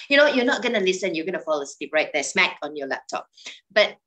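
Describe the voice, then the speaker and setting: A middle-aged woman speaking as a panelist in an online webinar, swinging her pitch and loudness for emphasis. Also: big pitch swings, fast talker, poor audio.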